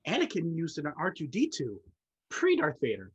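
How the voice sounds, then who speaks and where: A young woman playing a nerdy, proudly geeky young prince in a stage comedy, with a husky voice. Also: deep voice, huge pitch swings, normal speed, dull audio, exaggerated voice. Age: young adult. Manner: eager, nerdy.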